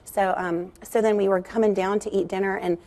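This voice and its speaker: A woman's voice: medium pitch, steady tone, a little fast, warm tone. Woman guest telling a personal faith story, earnest and confiding, lots of ums. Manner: earnest and confiding, with frequent fillers. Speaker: guest author. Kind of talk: candid faith conversation.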